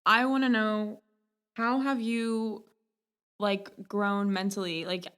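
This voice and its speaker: A woman's voice: mid-range voice, fairly even intonation, slow pace, fairly bright tone, smooth. A young woman hosting a podcast, asking questions in a casual, chatty way and sometimes losing her thread. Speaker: podcast host. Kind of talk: interview chat.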